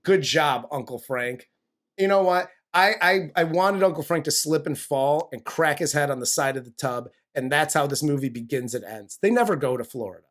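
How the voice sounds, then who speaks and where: A man's voice: fairly high pitch, normal speed, a bit bright. A man co-hosting a casual movie review, heated and profane, who laughs often. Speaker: movie review podcast co-host.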